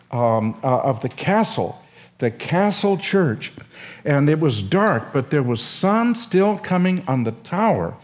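An older man, a seminary professor, telling a story and lecturing in an animated, emotional way with acted quotes. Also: mid-range voice.

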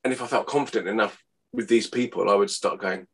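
A man, rambling and laughing as he chats in an interview, his voice not yet warmed up. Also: lowish voice, quick pace, breathy edge. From Hertfordshire, England. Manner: rambling, chatty, laughs often, says mate. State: voice not warmed up, early morning. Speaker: impressionist guest. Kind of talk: casual interview chat.

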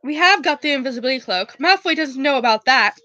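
Determined young schoolboy, woman reading him, urgent, high voice, dry lo-fi sound. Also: animated, quick pace, sharp tone, no echo. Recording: dull, dry lo-fi recording.

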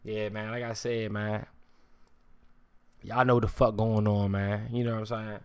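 A man's voice: fairly low pitch, flat delivery, a little slow, darkish tone, clean tone, no room sound. A man ranting on a live stream in casual street slang, swearing often and repeating "you hear me". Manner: repetitive, keeps saying "you hear me", swears freely; slang-heavy street talk.

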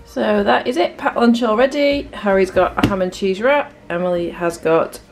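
A woman's voice: mid-range voice, moderate pace. British woman vlogger, casual home-vlog chatter to camera, faint background music. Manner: chatty, talking straight to viewers.

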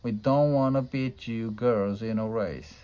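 A man's voice: fairly low pitch, measured pace, dark tone, clean tone, muffled recording, natural voice. A man reading as an eager young boy. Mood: cheery.

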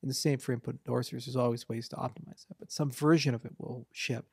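A man with a gravelly, husky voice answers interview questions at a mid pitch. He talks confidently and at length, with a dry, close sound and no room around him. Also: steady tone, no room sound. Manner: fast, confident, discursive, mimics voters for effect. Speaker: interview guest, blockchain founder. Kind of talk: casual interview talk.

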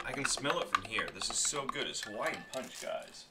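Brief: low-pitched male food reviewer, loose and chatty, noisy home setup. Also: lively intonation, moderate pace. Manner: rambling, chatty, talks while chewing. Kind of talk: casual food-tasting stream chat.

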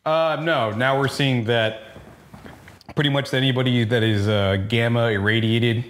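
A man's voice: mid-range voice, steady tone, a little slow, a bit bright, a little hiss or hum. A man co-hosting a casual comic book review podcast, laid-back and swearing freely. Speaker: podcast co-host.

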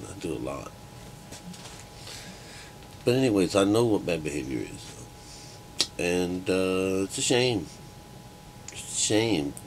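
A man's voice: low-pitched, a little hiss or hum. A middle-aged man and art teacher talking in a rambling, profane monologue packed with fillers.

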